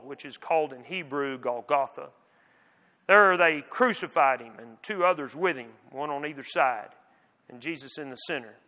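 A man giving an expressive, dramatic reading of scripture as narrator. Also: on the high side. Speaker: scripture reader. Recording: long hall reverb.

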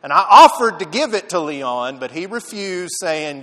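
A man preaching a sermon, telling the story with lively dramatic emphasis. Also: sits high, moderate pace, hardly any pauses, big-room sound. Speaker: pastor.

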